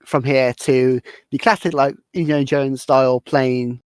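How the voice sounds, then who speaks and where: A man hosting a podcast, recapping a film in a rambling, halting way. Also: mid-range voice, steady tone, clean tone, dry recording. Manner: rambling, halting, restarts words. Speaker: podcast host. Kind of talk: casual movie recap chat.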